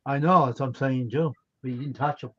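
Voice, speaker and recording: A man's voice: medium pitch, a little fast, slightly rough, dry recording. Laughing storyteller man, muffled dry audio. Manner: laughing, animated storyteller with crude language. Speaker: livestream co-host. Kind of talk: casual storytelling chat.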